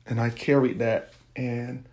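A man's voice: medium pitch, flat delivery, unhurried, a little mellow. A man, hosting a podcast and candidly telling a personal story straight to his listeners. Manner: candid, addresses listeners directly. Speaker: podcast host.

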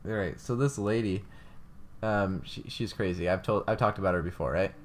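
A man's voice: deep voice, normal speed, a little hiss or hum. A young man co-hosting a casual podcast, telling stories in a rambling way with many fillers, restarts and giggles. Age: young adult. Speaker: podcast co-host.

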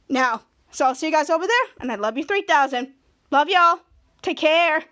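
A woman hosting a podcast, recapping a TV episode in a casual, excited way and acting out the characters' lines. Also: high-pitched, normal speed. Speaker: podcast host.

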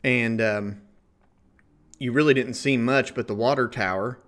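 A folksy man with a rural Ohio River valley twang, spinning a comic travel yarn for his podcast. He talks in a relaxed, chatty way and keeps chuckling at his own stories. His voice sits at an ordinary middle pitch for a man. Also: a little slow. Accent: Ohio River valley, rural Midwestern. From Ohio, USA. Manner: folksy, chuckling, animated retelling. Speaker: podcast host. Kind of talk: casual comedic storytelling.

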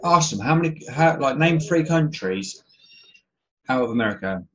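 A man's voice: medium pitch, expressive, normal speed, dull audio. A British man, a podcast guest, chatting casually and rambling from one tangent to the next with frequent chuckles. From United Kingdom. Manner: rambling, drifts between tangents, chuckles often. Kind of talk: casual chat.

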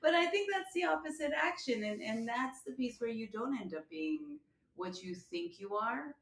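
A woman co-hosting a podcast as a coach, talking in an animated, casual way and laughing often. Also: a little high, normal speed. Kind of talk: casual conversational chat. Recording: echoey room.

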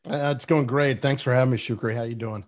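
A man's voice: medium pitch, fairly even intonation, fast talker. A man who hosts sports radio, answering casually as a podcast guest. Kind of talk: casual interview chat.

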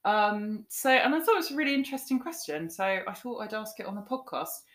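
A woman's voice: mid-range voice, lively intonation, brisk, fairly bright tone. A woman co-hosting a podcast in casual chat, giggling often and rambling with lots of fillers. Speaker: podcast co-host. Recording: roomy echo.

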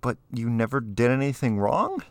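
A man's voice: mid-range voice, expressive, normal speed, no echo, voice pushed up, natural voice. A man reading aloud, voicing an earnest, bewildered teenage boy full of questions.

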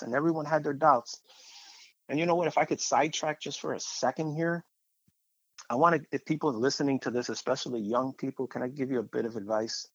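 A man sharing a personal testimony in a lively storytelling way, acting out the voices of the people he quotes. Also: mid-range voice, brisk, no room sound. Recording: dull, muffled sound.

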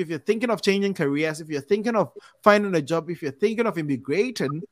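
A man's voice: fairly high pitch, no echo. A man hosting a podcast and signing off in a casual, upbeat, encouraging way, rambling a little and restarting his sentences. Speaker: podcast host.

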